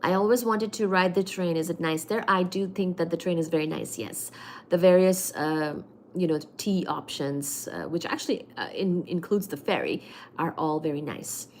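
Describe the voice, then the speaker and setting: A woman's voice: lowish voice, normal speed, a little mellow, slight background noise. A woman hosting a livestream, reading viewers' chat comments aloud and answering them in a playful, affectionate way. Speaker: livestream host.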